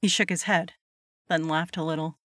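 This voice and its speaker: A woman narrates a scripted horror story at a steady, measured pace. Her voice sits a little low and the recording is dry and close. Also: no echo.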